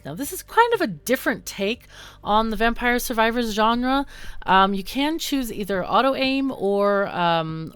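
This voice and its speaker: Chatty woman with lively, lowish voice. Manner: chatty, lots of ums and self-corrections. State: hiccuping. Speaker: gaming channel host. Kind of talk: casual let's-play commentary.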